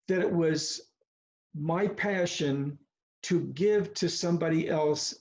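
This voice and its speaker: A man in his seventies, a retired baseball coach, telling folksy stories in a slow, deliberate way on a video call. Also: a little high, darkish tone. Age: 70s. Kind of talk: reflective talk on a video call. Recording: slightly muffled video call audio.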